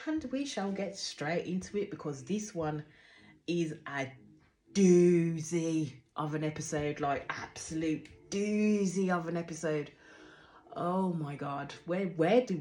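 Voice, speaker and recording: A woman's voice: on the low side, expressive, slow. A woman hosting a casual reaction review of a TV show. She talks animatedly, swears freely, and often trails off and starts her sentences again. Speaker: reality TV reaction host.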